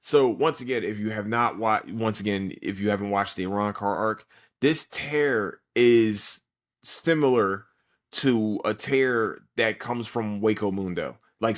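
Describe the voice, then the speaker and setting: A tired man hosting a podcast, recapping an anime episode in a rambling, profane way with lots of fillers. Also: on the low side. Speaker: podcast host.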